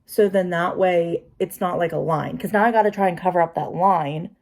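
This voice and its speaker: A woman's voice: on the low side, normal speed, gravelly, a little mellow. A woman vlogging as she does her makeup, chatty and talking to herself with self-deprecating asides. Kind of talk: casual talk while doing makeup.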